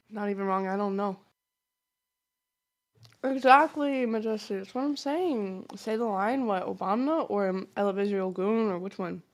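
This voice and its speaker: A woman's voice: medium pitch, normal speed. A woman streamer trading crude, teasing jabs with a friend while gaming, swearing a lot and chewing into her mic. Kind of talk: casual gaming stream banter.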